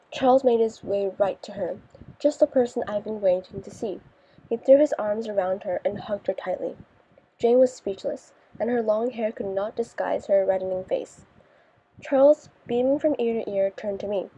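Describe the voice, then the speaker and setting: A woman narrating a first-person audiobook in a wry, deadpan manner. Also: mid-range voice, normal speed, a little hiss or hum. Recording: dull lo-fi recording.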